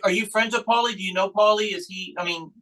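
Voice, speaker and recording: A man's voice: sits high, steady tone, quick pace, bright, forceful tone, low-quality recording. A male podcast host asking rambling questions in casual chat. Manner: rambling, restarts his questions.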